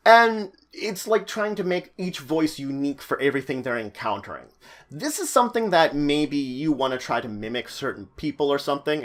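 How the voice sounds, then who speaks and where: A man giving animated, stop-start advice on running a tabletop game as dungeon master. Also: a little high. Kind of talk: tutorial talk.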